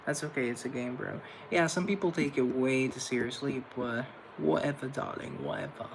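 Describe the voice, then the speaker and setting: Young male streamer, mid-pitched and a bit gravelly, chatty and campy as he reads out viewer comments. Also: moderate pace, noisy background. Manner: chatty, playful and campy, with pet names for viewers. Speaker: livestream host. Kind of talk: casual chat reading viewer comments.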